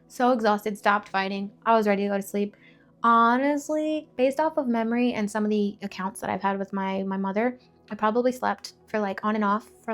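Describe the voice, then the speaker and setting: A woman giving an emotional personal testimony, telling her story vividly with many fillers and restarts. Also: fairly high pitch. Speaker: testimony speaker.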